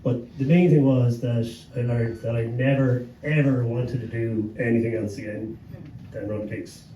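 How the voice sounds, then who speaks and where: An Irish man tells a story to a panel audience, swearing freely and chuckling as he goes. He sounds far from the mic in an echoey pub room, with a steady hum of background noise. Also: mid-range voice, normal speed, lo-fi sound. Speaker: panelist, gig promoter. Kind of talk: anecdotal storytelling on a live panel. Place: pub venue with a live audience.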